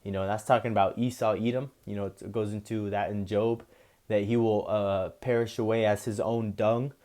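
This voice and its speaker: A man's voice: lowish voice, flat delivery, dark tone. Man in laid-back Bible commentary. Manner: slow solemn reading, then loose casual talk with frequent "you know" and "man". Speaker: preacher. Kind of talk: scripture reading with commentary.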